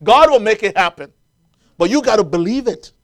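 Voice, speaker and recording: A man's voice: high voice, lively intonation, normal speed. A man preaching a sermon, quoting scripture and building to emphatic, rising peaks as the congregation answers.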